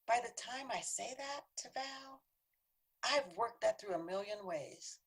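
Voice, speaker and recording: A woman's voice: on the high side, animated, a little slow, husky. A woman giving an earnest, conversational training talk to a city council, sometimes dropping to a whisper for emphasis. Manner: earnest, conversational, acts out quoted voices, drops to a whisper for emphasis. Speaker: workshop presenter.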